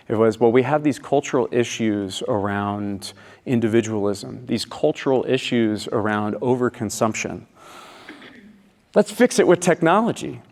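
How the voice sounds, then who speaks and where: Animated man speaking in a reverberant hall. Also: lowish voice, gravelly. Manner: animated, acts out scenes and leads the crowd. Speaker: conference speaker. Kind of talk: storytelling talk to a live audience. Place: conference hall. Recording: long reverb of a large hall.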